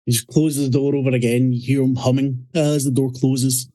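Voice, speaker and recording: Brief: male game master, relaxed descriptive narration, mellow mid-pitched voice. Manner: relaxed, descriptive, pauses with fillers.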